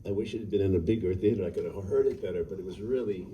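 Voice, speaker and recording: A film director talking at a live Q&A in a cinema, halting and full of fillers and restarts. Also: male voice, sits low, far from the mic, lo-fi sound, slight background noise. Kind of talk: on-stage Q&A.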